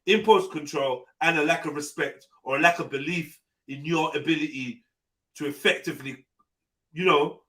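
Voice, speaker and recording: A man hosting a live open panel, blunt and animated, swearing freely and acting out what people say. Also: on the high side, normal speed, far from the mic. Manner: blunt, animated, swears often, acts out quotes. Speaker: host of a live open panel talk show. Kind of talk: casual panel discussion.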